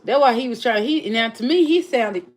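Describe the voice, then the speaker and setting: A livestream host with a non-local regional accent chats casually and reflectively, often repeating and restarting her phrases. Her voice is fairly high, with lively intonation and a moderate pace.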